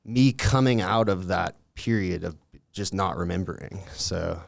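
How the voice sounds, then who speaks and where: A man's voice: low voice, measured pace, vocal fry, no room sound. A young man telling a story in a laid-back, rambling way, with lots of filler words and swearing. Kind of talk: casual storytelling.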